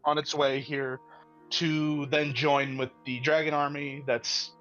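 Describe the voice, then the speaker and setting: A man playing a tabletop game who recounts his character's actions in a hesitant, halting way. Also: fairly high pitch, flat delivery, a bit bright, soft background music. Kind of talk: casual game table chat. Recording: slightly dull lo-fi sound.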